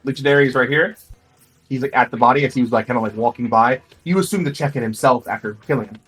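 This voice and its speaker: A man's voice: mid-range voice, fast talker, a bit bright, husky, faint music behind, rough recording. A man narrating as game master for a tabletop role-playing game, describing scenes loosely with many fillers.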